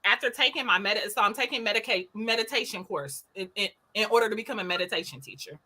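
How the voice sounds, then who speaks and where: A woman's voice: medium pitch, fast talker, sharp tone, breathy edge. A woman co-hosting a casual chat, speaking in an emphatic, earnest way and repeating her points. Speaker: co-host.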